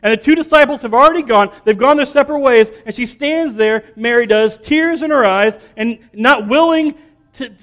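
A man's voice: extremely high pitch, normal speed, fairly bright tone. A man in his thirties, a pastor, preaching an emphatic sermon and repeating words as he builds up.

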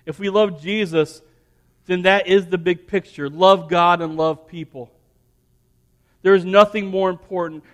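High-voiced man preaching in an echoing hall. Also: a bit bright. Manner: rambling storytelling with many restarts, building to emphatic preaching. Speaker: pastor. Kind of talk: sermon with personal story.

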